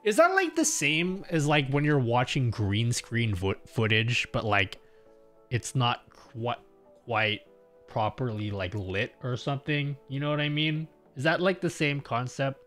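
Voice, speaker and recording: Faint music plays while a young Australian livestream host chats casually with his viewers, wandering off track, breaking into his own sentences and leaning on fillers. He speaks at a measured pace in an animated, medium-pitched, fairly bright voice.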